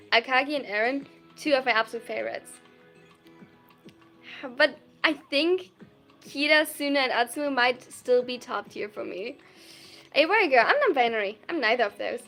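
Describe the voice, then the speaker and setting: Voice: medium pitch, fairly bright tone, soft background music. A young adult livestreamer with a German accent chatting casually, reading viewer messages aloud and gushing thanks with lots of laughter. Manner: bubbly and effusive, quick to gush thanks and laugh.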